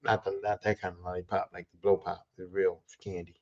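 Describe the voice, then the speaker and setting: Heard through lo-fi sound, this podcast host speaks a little quickly while spinning a laid-back tale in street slang, cursing heavily. When the story gets heated, his lively voice leaps upward.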